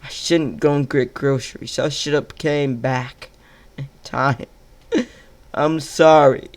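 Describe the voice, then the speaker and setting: A man's voice: medium pitch, fairly even intonation, slow, lightly acted. A man voicing a furious, grieving ninja father. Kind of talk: amateur fan-fiction storytelling.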